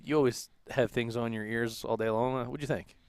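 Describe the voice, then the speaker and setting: Jokey broadcast host, smooth resonant voice, dry close mic, quick sponsor reads. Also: male voice, mid-range voice, fairly even intonation, darkish tone, no room sound. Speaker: sideline host reading sponsor spots.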